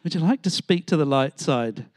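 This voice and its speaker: A man's voice: a little high, animated, moderate pace, no room sound, clean studio sound. A middle-aged man, preaching a storytelling sermon and acting out the voices of the people in his stories. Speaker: pastor.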